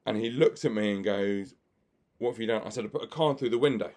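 A man's voice: fairly low pitch, fast, darkish tone. Chatty man telling stories. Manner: chatty, laughs often, many fillers; acts out other people's lines in the stories. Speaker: magician and podcast host. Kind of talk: anecdotal podcast storytelling.

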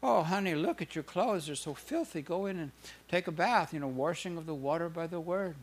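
A man voicing a kind, wealthy husband who gently welcomes his wife home. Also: a little high, a little fast. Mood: tender. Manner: tender, soothing.

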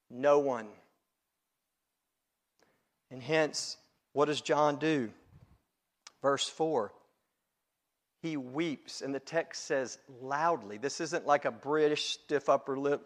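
Emphatic high-voiced male preacher, slow. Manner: emphatic, rising to loud peaks then dropping low. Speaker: pastor. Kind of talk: sermon.

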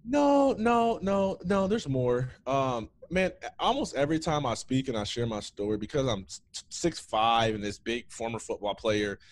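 Animated man telling his story. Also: medium pitch, moderate pace, hardly any pauses. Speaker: guest, former athlete and founder. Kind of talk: casual interview storytelling.

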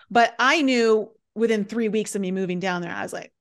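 Lively woman telling a story. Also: fairly high pitch, normal speed, hardly any pauses, smooth. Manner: animated storyteller, laughs often. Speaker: podcast host. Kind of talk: casual chat.

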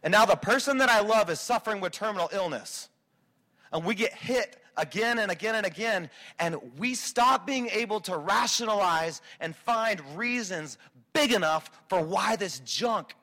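A man preaching a sermon as a pastor, swinging between quiet reflection and loud, driving emphasis. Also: sits high, animated, moderate pace.

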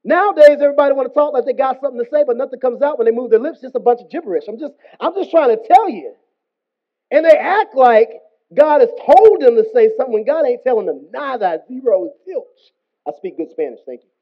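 A man's voice: very high voice, lively intonation, a little fast. A man preaching a sermon in a casual, humorous and slangy storytelling style. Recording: dull lo-fi recording.

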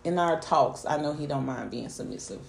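A woman's voice: low-pitched, moderate pace, creaky, a little hiss or hum. A young woman hosting a podcast, talking bluntly and profanely in casual storytelling chat. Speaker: podcast host. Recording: roomy echo.

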